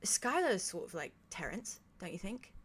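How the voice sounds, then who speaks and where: A woman voicing a soft-spoken young man in a tabletop game, speaking quietly. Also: medium pitch, big pitch swings, moderate pace, breathy edge.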